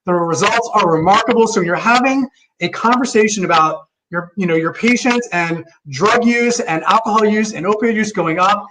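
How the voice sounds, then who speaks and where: A man speaking as a chiropractor on a webinar panel, quick and enthusiastic, often stumbling over repeated words. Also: high-pitched. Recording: distant, noisy video-call audio.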